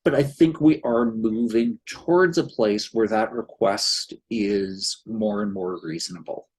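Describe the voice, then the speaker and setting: A man talks through his expertise at a slow, measured pace. His voice has a slightly husky edge. He explains patiently and drops the occasional wry aside. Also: fairly low pitch, a little mellow, rough recording. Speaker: security expert guest. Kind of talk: podcast interview.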